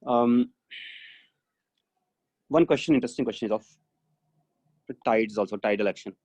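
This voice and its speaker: This man has a medium-pitched, darkish voice at normal speed, and the audio sounds dull. He teaches physics in a live online class over a video call, going step by step and thinking aloud with lots of fillers.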